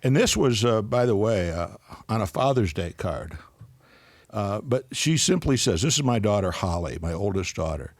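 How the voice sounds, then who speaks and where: A man's voice: fairly low pitch, lively intonation, normal speed, no echo. An older man, a psychologist and guest on a radio interview, telling a personal story as he tears up and laughs.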